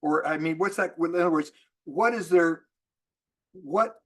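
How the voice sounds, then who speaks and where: A man giving an energetic business training talk to a sales team, asking rhetorical questions and often restarting his sentences. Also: on the high side, unhurried. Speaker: network marketing trainer.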